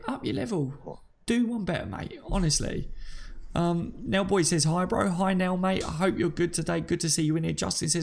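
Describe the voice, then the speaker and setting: A man hosts a live fan stream in a loose, matey way, greeting viewers by name and reading their comments aloud. His voice sits a little high with a gravelly edge. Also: animated, normal speed. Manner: chatty and matey, calls listeners mate and buddy.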